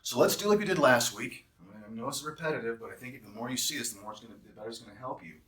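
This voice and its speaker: A man's voice: medium pitch, racing, a bit bright. Heated man explaining pay, echoey room. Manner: heated, emphatic, repetitive. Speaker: travel nurse staffing recruiter. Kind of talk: explanatory walkthrough with a rant. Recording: roomy echo, distant mic.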